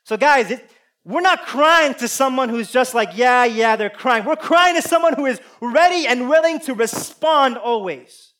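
A man preaching a sermon, earnest and confessional, swinging between loud appeals and hushed asides. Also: very high-pitched, animated, moderate pace. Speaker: pastor.

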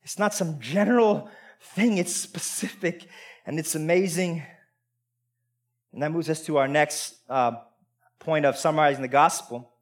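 Intense, high-voiced preacher with lilt. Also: male voice, measured pace, pauses often. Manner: intense, emotional preaching with sudden loud outbursts; addresses listeners as "guys" and "y'all". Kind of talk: sermon.

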